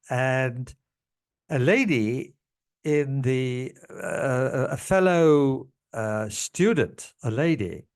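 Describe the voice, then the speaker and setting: A man telling a personal story to camera in a halting way, with many pauses and restarts, moved as he speaks. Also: medium pitch. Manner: slow, halting, with many fillers and restarts, growing emotional. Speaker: channel host telling a past-life story.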